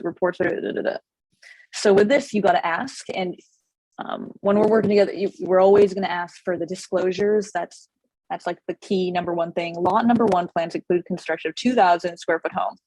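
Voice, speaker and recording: A woman realtor with a slightly hoarse voice and a Californian accent, chatting casually with many fillers and restarts. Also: lowish voice, a little fast, a little mellow, no echo, rough recording. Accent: Californian English. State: slightly hoarse, losing her voice. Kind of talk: casual explainer video.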